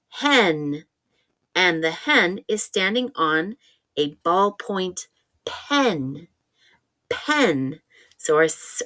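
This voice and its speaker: A woman giving a children's phonics lesson at a very unhurried pace, drawing out each sound so a small child can follow. Her voice sits a little low for a woman, and she keeps her tone patient and encouraging throughout. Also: a bit bright. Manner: slow, stretched-out sounding of words and vowels; patient, encouraging, talking straight to a young child. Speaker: reading teacher.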